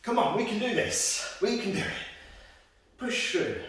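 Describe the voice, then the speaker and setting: A man's voice: extremely high pitch, takes it slowly, pushed and bright, very echoey, recorded from a distance, rough recording. A man leading an exercise class, upbeat and encouraging, counting down reps and cracking self-deprecating jokes. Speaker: fitness instructor. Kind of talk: guided exercise class instruction.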